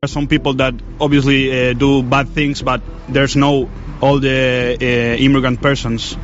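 A man answering in an interview clip, hesitant with filler pauses. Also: medium pitch, level tone. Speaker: street interviewee. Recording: dull lo-fi clip with music behind.

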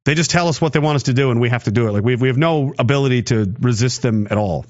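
A man's voice: medium pitch, fast talker, dull audio. A man from Canada, rambling sarcastically and cursing while he talks on a livestream and answers chat. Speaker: streamer reading chat. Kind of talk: casual livestream commentary.

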